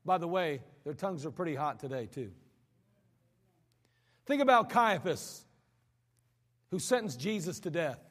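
Male preacher, high-pitched, dramatic sermon delivery with repeated words, long reverberant hall. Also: lively intonation, a little slow, long pauses. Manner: dramatic preaching, sudden drops to low quiet lines; repeats words when building a point.

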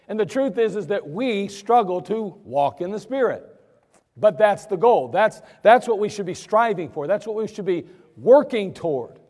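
A man's voice: sits high, darkish tone. A man preaching a sermon as pastor, emphatic, acting out the voices he quotes. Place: church sanctuary. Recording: church sanctuary with long reverb.

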